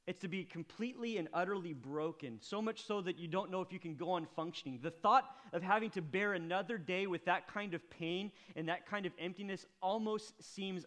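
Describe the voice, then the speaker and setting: A man preaching a sermon, swinging from hushed, intimate lines to loud, impassioned appeals. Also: on the high side. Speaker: pastor.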